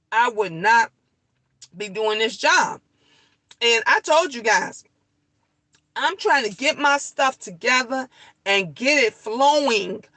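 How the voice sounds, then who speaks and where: Heated, bright-voiced middle-aged woman ranting. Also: fairly high pitch, no room sound, poor audio. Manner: heated, blunt and profane, repeating her points. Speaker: leasing office worker vlogging on her lunch break. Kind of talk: casual vlog rant.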